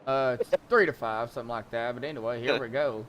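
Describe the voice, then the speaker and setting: A man calling sim race action as commentator, in a slow, drawn-out way with sudden excited outbursts. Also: medium pitch, slight background noise.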